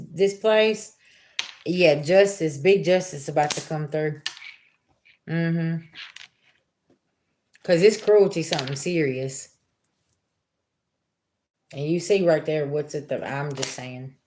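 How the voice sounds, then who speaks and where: A woman with a low-pitched, darkish voice hosts a tarot reading livestream, chatting casually with viewers and answering the chat. She tells a story in a loose, colloquial way. The recording carries a little hiss or hum.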